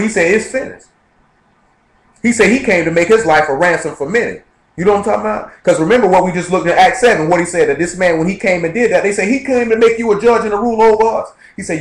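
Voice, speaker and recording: This fast-talking, high-pitched man delivers an informal Bible study sermon in a conversational manner. He quotes scripture and checks in with his listeners, and the live-streamed room is full of echo.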